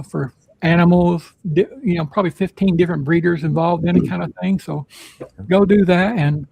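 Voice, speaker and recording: A man hosting a casual live podcast, his voice pitched on the high side with a gravelly fry running through it. He rambles through announcements with plenty of "uh" and "you know." The sound is dry and close. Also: a little mellow, no room sound, low-quality recording. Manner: rambling, filler-heavy announcements. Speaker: podcast host.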